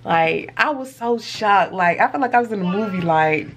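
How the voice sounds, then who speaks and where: A woman's voice: medium pitch, moderate pace. Woman vlogger, casual story time, slangy, phone mic, home, faint hum. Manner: animated storytelling, lots of slang and cursing. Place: home, indoors.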